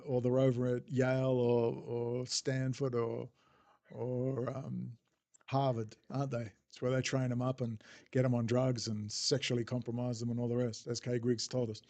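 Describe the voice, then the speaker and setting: A man with a dark, mid-range voice hosts a laid-back stream, wandering from topic to topic, swearing openly and responding to viewers in chat.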